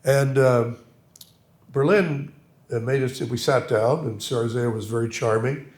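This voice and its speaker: A man's voice: mid-range voice, steady tone, unhurried, a little mellow. An older man giving a public lecture, reflective and anecdotal, with self-deprecating humor. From Canada. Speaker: guest lecturer. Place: lecture hall. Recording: echoey lecture hall.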